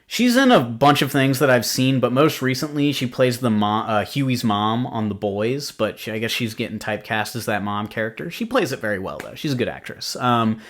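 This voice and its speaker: A man's voice: mid-range voice, lively intonation, normal speed, few pauses, a bit bright. A young adult man hosting a podcast, chatting casually through a film recap with lots of filler words and rambling asides. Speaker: podcast host. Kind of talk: casual film review chat.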